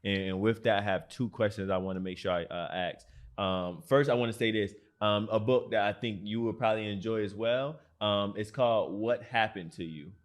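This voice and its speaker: Chill guy hosting a podcast, lowish voice, slangy and encouraging. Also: moderate pace. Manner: relaxed, affirming, slangy, lots of "mm-hmm". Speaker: podcast host. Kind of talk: casual interview chat.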